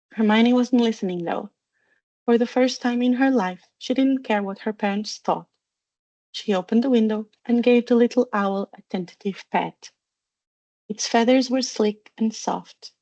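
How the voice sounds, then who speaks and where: A woman narrating a storybook reading, even and unhurried. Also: mid-range voice, dry recording. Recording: dull, dry narration recording.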